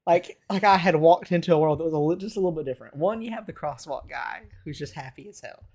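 A man's voice: on the high side, quick pace, slightly rough. A man in his twenties from the United States, telling rambling stories over a video call in casual chat. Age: 20s. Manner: rambling, animated storytelling with laughs.

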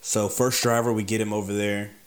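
Lowish man telling a wry story. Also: little pitch movement, brisk. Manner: conversational, wry, repeats words for emphasis. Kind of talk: casual personal anecdote.

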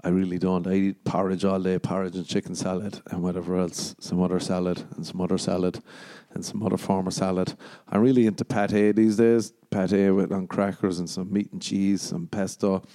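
Swearing man with a mellow low voice. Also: flat delivery, a little fast, hardly any pauses. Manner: profane, jokey, swings into exaggerated mock voices. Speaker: podcast host. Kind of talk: rambling solo podcast.

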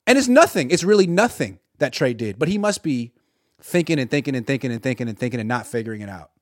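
A man delivers solo sports reaction commentary, sarcastic and animated, acting out imagined quotes from the people he discusses. His voice is high, with clean studio sound and no room sound.

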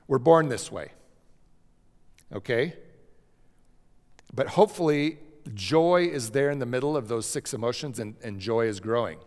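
A man giving a gentle slide lecture on how children learn to handle emotions, often checking in with "okay?" and softly acting out a comforting parent. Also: mid-range voice, in a large hall. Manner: drops to a soft cooing voice when acting out a parent. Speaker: speaker teaching about emotions.

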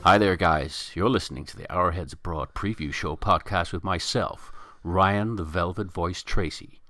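A man putting on a slow, low announcer voice to mimic an American podcast host. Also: bright, forceful tone, soft background music. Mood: mock smooth.

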